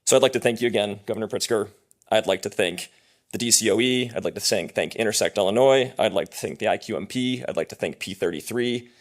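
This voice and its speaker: Low-voiced guy at a press conference, earnest prepared remarks, company exec. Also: fast talker. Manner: earnest, emphatic closing remarks. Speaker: company executive.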